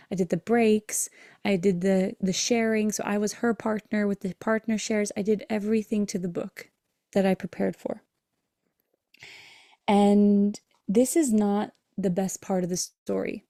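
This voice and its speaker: Woman podcast host, warm mellow tone, flat steady pitch, emotional storytelling. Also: vocal fry, no echo, studio quality. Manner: emotional, earnest, acts out dialogue in her story. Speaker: podcast host and breathwork coach. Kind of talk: personal storytelling.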